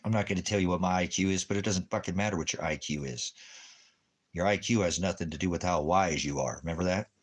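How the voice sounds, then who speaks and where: A man's voice: sits low, quick pace. A man hosting a casual livestream, rambling and preachy and often cursing, now and then cooing at his dog. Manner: baby talk to his dog. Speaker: YouTube channel host.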